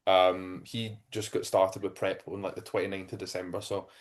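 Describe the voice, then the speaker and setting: A man's voice: low-pitched, flat delivery, normal speed. Hesitant Irish male coach. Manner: hesitant, many ums and restarts. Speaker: physique coach, podcast co-host. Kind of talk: casual chat.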